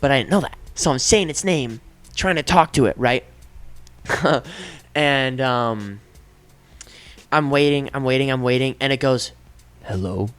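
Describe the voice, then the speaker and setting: A man's voice: medium pitch, normal speed, a bit bright, clear, resonant tone. A young man telling a story in casual chat, acting out the voices and sound effects as he goes. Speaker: podcast host.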